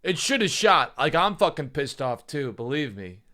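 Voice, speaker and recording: A man's voice: a little high, sing-song, normal speed, pushed and bright. A man live streaming who stammers, swears a lot and sounds frustrated.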